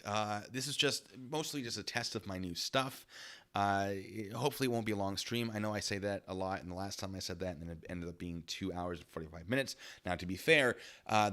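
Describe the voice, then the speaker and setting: Bright-voiced man rambling on a livestream. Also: low voice. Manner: rambling, thanks donors by name. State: a little out of breath. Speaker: livestream host. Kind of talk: casual livestream chat.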